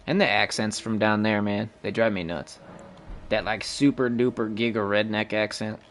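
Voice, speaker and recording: A young man from the American Midwest talks low and loose to his stream chat as he plays. He rambles from topic to topic and swears constantly. A faint hiss of background noise sits under his voice. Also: steady tone, normal speed. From Midwestern United States. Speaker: game streamer. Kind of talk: casual live-stream chat while playing.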